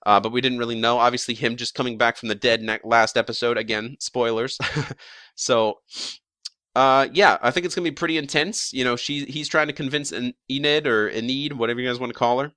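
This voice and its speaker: A man's voice: mid-range voice, steady tone, fairly quick, sharp tone, no room sound, clean studio sound. A young man talking casually about episode predictions, rambling with lots of fillers, restarts and the odd swear word. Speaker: YouTube show commentator.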